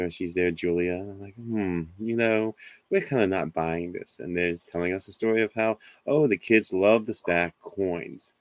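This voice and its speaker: Low gravelly man telling a ghost story. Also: no echo. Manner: animated storyteller, acts out voices of others. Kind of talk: casual storytelling on a talk show.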